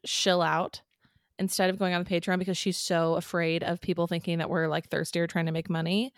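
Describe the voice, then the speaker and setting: A woman's voice: lowish voice, flat delivery, a little fast, dry recording. A young woman co-hosting a podcast in casual chat, reacting supportively and often laughing. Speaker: podcast co-host.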